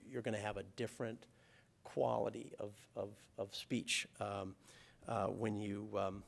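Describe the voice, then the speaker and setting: A man's voice: fairly low pitch, flat delivery, measured pace, gravelly. A man giving a conversational public talk, with many fillers and restarts. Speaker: guest speaker. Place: lecture hall.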